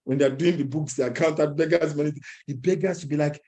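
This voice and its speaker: At an entrepreneurs' event, a young man tells a personal story with energy, laughing and acting out what other people said. His voice sits fairly high and he talks fast.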